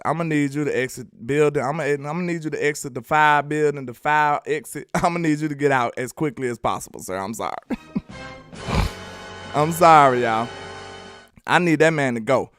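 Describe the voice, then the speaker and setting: A man from Alabama with a Southern accent giving animated, slangy football commentary, talking straight to his viewers. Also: a little high, clear, resonant tone, dry recording, studio quality. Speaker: sports commentary host. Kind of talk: casual sports commentary vlog.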